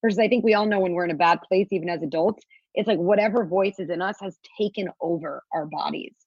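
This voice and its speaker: Husky-voiced woman coaching parents. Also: fairly low pitch, fast talker, darkish tone, dry recording. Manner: earnest, coaching, acts out kids' inner voices in a sing-song. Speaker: parenting guest expert. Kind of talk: podcast interview talk. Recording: dull, dry podcast audio.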